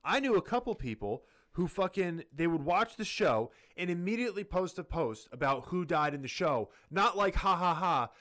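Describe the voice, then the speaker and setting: A man's voice: high voice, lively intonation, normal speed, hardly any pauses, fairly bright tone. A man co-hosting a casual chat, ranting heatedly and swearing often.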